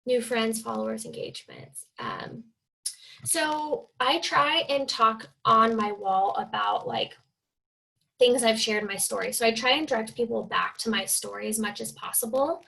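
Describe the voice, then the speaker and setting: A woman's voice: a little high, unhurried, creaky, sharp tone, rough recording. A young woman from Oregon, speaking as a guest on a team video call, chatty and full of fillers, often acting out the people she quotes. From Oregon, USA. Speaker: guest speaker, fitness coach. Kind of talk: casual team call talk.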